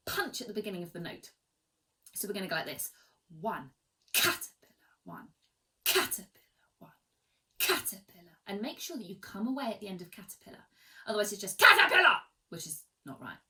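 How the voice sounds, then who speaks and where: Bright-voiced woman teaching violin. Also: medium pitch, rough recording. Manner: encouraging, demonstrative, counts and sings rhythms aloud. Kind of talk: online music tutorial.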